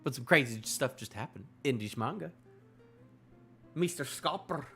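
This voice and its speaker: Bright, lively male streamer. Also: mid-range voice, moderate pace, long pauses, breathy edge, soft background music. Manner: excitable, repeats himself, drifts into tangents. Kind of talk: live manga reaction stream.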